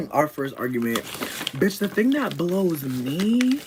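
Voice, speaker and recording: A woman chatting casually with her livestream viewers, cursing constantly and jumping into high squeals. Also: big pitch swings, slow, very noisy.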